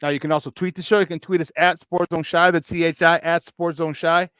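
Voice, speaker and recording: A man with a Chicago accent, hosting a morning sports talk show in a hyped, playful way, shouting out to his viewers. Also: fairly high pitch, flat delivery, a little fast, smooth, no echo.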